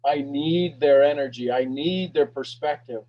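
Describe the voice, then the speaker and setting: A man hosting a live motivational talk, energetic and preachy, repeating questions and swinging between loud bursts and hushed lines. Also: fairly high pitch, unhurried, dull audio. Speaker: host of a motivational talk show.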